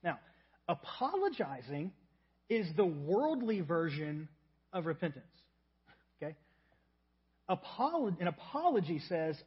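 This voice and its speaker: A man preaching a sermon with a husky, slightly raised voice. He hammers home key phrases by repeating them, then sinks quietly low for the sample prayers. The audio is muffled and lo-fi. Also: very animated, measured pace, long pauses. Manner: emphatic, repeats key phrases, drops to soft low tones for acted prayers. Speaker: pastor.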